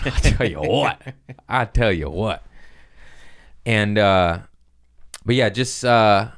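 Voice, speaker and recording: A man's voice: lowish voice, clean tone. A young man hosting his own podcast, rambling in crude, self-mocking casual chat. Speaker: podcast host.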